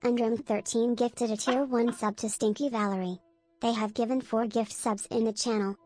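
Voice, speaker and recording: A synthetic woman's voice reading stream alerts aloud in flat, evenly paced announcements. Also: mid-range voice, moderate pace, no room sound, soft background music. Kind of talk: text-to-speech alert reading.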